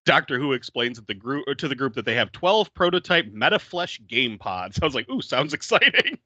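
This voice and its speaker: A man's voice: mid-range voice, a little fast, no room sound. A man hosting a podcast, recapping a film in casual chat and laughing often. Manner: laughs often, animated and chatty. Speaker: podcast host.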